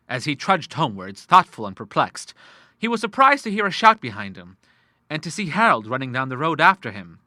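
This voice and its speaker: A man narrating a classic novel as an audiobook in a measured storytelling tone. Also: a little high, sing-song, pushed and bright, no room sound, clean studio sound. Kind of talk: scripted narration.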